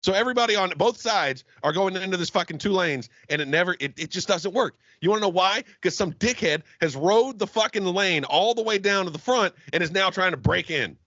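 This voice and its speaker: A man from Florida co-hosting a podcast, ranting with heavy swearing and bursts of shouting. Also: sits high, animated, fairly quick, few pauses, dry recording. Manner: profane, shouting rants. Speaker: podcast co-host. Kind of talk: comedic rant. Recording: slightly muffled, dry.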